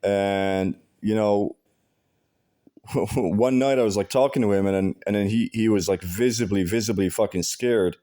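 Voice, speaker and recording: Man, lowish mellow voice, rambling vlog talk, lots of filler and swearing. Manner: halting, with many fillers and restarts; heavy profanity, blunt and aggrieved. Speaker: vlogger. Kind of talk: casual rambling monologue.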